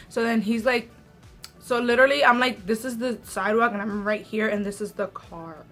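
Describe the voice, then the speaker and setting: A young woman chatting through a story for her vlog, filling her talk with "like" as she goes. Her voice sits at a middling pitch, with faint music in the background. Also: moderate pace, a bit bright. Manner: chatty, many "like" fillers. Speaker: vlogger. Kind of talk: casual story time.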